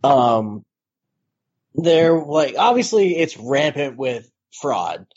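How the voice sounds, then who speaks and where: A man's voice: fairly high pitch, very animated, takes it slowly, darkish tone, breathy edge. A man co-hosting a casual podcast, presenting the topic in a laid-back way with plenty of filler words. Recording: slightly dull lo-fi podcast audio.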